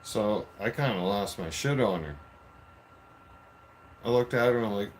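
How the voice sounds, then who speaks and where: A man's voice: on the low side, lively intonation, measured pace, a little hiss or hum. A man telling a story in a casual, profane rant, full of repeated "I'm like.". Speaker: vlogger.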